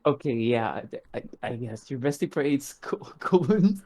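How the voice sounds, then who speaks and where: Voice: mid-range voice, steady tone, moderate pace, creaky, a little mellow. A speaker in a casual group Q&A who teases, swears and laughs often. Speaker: mod developer in a Q&A.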